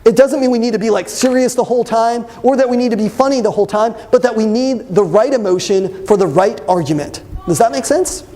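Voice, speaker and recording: A young man teaching a debate class, lively and constantly asking his students questions. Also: very high voice, fairly quick, few pauses. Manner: animated, asks the class questions. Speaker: debate instructor. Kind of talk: classroom lecture.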